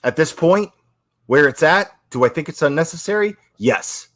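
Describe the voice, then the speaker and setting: A man on his own stream, profanely ranting and calling out other creators, slow and emphatic. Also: fairly high pitch, animated, a bit bright, dry recording, studio quality. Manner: profane, repetitive, confrontational. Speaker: YouTube creator. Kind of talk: angry livestream rant.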